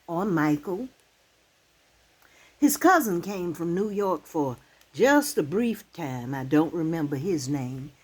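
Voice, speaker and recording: A woman in her sixties who hosts her own channel and talks straight to camera. Her voice is soft and breathy and lower than most, and she speaks slowly. It rises and falls a lot, and her manner is heartfelt, halting and emotional. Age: 60s. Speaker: channel host. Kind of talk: casual talk to camera.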